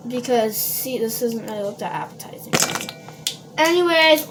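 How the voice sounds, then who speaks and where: A high-pitched woman chats through a casual baking vlog. She rambles along, full of fillers, and talks straight to her viewers. Dishes and cutlery clatter around her in a noisy home kitchen. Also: lively intonation, moderate pace. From Minnesota. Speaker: home baker vlogger.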